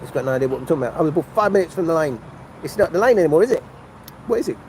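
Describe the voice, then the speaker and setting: An older man from North London chats on a phone livestream from a motorway service station café, with background noise around him. His voice is on the high side, lively, and very fast, and his rambling casual talk meanders and restarts mid-sentence.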